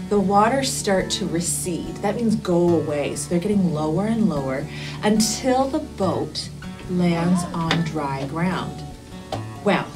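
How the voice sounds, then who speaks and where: A woman's voice: on the low side, rough recording. Woman telling a Bible story to kids. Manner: expressive, slows down for emphasis, drops to whispers. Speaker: Sunday school teacher.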